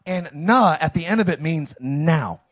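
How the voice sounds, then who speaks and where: A man preaching a sermon as pastor, reading scripture and calling the congregation to repeat after him, with sudden loud, animated bursts. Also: fairly high pitch, a little slow, husky. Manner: call-and-response, animated with sudden loud lines.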